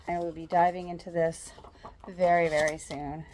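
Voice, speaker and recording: A woman's voice: on the low side, level tone, normal speed, darkish tone, slight background noise. A woman chatting eagerly at home in a casual reading diary, full of rambling asides. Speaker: book vlogger.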